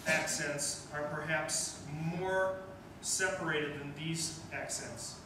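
Man with a high, echoey far-off voice. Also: steady tone, takes it slowly, noisy background. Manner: questioning, encouraging. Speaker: band clinician. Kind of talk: rehearsal teaching. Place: rehearsal room with a wind band. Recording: echoey rehearsal room from far off.

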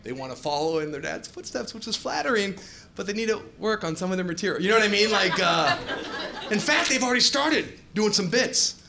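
A man in his forties doing an animated stand-up comedy set on a club stage, telling stories and jumping into shouted asides, with audience laughter in the recording. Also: high voice, brisk, gravelly, noisy background.

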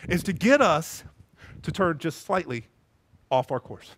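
A male pastor giving a sermon in a church, animated as he acts out scenes with voices and sound effects. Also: a little high, unhurried, slightly rough. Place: church sanctuary with a congregation.

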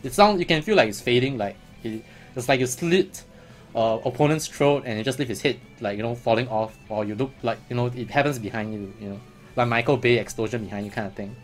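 A man's voice: mid-range voice, fairly quick, soft background music. A man giving casual, chatty commentary as a gaming vlogger, laughing often.

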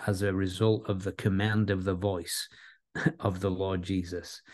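Low-voiced man preaching a Bible sermon. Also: darkish tone. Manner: earnest, repeats key words, varies his pace for emphasis.

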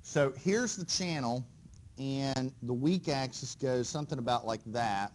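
A man's voice: medium pitch, measured pace, darkish tone. A man giving a university engineering lecture in a conversational way, quizzing the class and often checking in with "right?" and "okay?". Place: lecture hall.

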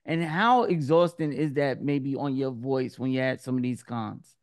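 A man's voice: mid-range voice, fairly even intonation, normal speed, darkish tone, no room sound, clean studio sound. A man hosting a podcast, asking laid-back, slangy questions. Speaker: podcast host. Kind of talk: casual podcast interview.

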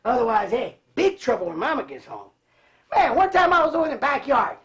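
A man from Cleveland who grew up in California, a guest telling animated stories with frequent laughter. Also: very high voice, brisk. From Cleveland, raised in California. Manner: animated, laughs often, acts out voices. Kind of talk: casual storytelling.

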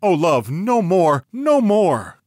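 A man's voice: on the low side, animated, unhurried, slightly rough, no echo, studio quality. A man reading aloud, voicing the tender, mournful ghost of a young woman burned as a witch. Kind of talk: audiobook reading.

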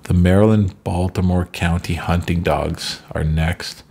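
A man's voice: deep voice, fairly even intonation, measured pace, gravelly, a little mellow, husky. A man giving casual, chatty commentary over a sports sim game from home, drifting into rambling asides. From Canada. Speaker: gameplay commentator.

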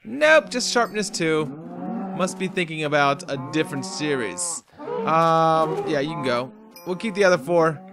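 A man's voice: on the high side, lively intonation, a little slow, music in the background. A young man from North Carolina, rambling and joking through casual let's play commentary of a block-building game. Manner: rambling, jokey, talks to his game animals. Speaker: gaming host.

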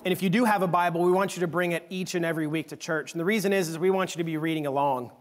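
Middle-aged guy preaching in church, kinda high voice, earnest, keeps repeating himself for emphasis. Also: fairly even intonation, very fast, a little hiss or hum. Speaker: guest preacher. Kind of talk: sermon with scripture reading. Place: church sanctuary.

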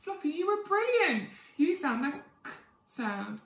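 A woman teacher giving a phonics lesson to young children, sounding out letters slowly and clearly in a sing-song way. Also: high voice, big pitch swings, fairly bright tone, far from the mic. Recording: echoey room, away from the mic.

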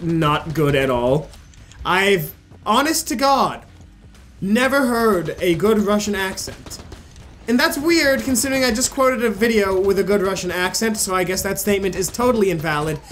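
A man's voice: sits high, animated, normal speed, a bit bright. A young man hosting a gaming channel, rambling and joking with plenty of swearing as he comments on his play. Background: faint game music.

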